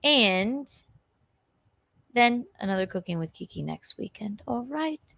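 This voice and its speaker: A woman's voice: mid-range voice, animated, unhurried, creaky, a bit bright, no echo, clean studio sound. Woman in her thirties hosting a live stream. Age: 30s. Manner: rambling and teary, sign-off chatter to viewers. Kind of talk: casual live-stream chat.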